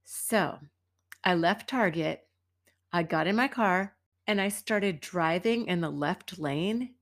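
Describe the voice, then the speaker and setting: A woman's voice: lowish voice, slow. Wry, chatty American woman podcaster. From United States. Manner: chatty and wry, acts out quoted people. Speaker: podcast host and dance teacher. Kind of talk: casual storytelling monologue.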